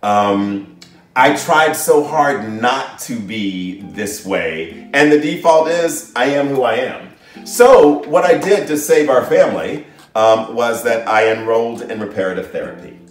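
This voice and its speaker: A middle-aged man earnestly telling his personal story to his daughter in a relaxed conversation, reflective and often restarting his sentences. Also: mid-range voice, a little slow, far from the mic. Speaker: guest, the host's father. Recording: echoey room, voice off-mic, faint music behind.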